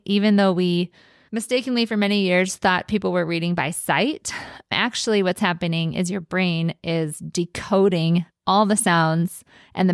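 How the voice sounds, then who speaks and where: A woman's voice: fairly low pitch, no echo, clean studio sound. A woman hosting a podcast, explaining in a casual teaching tone and stretching out words for emphasis. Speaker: podcast host.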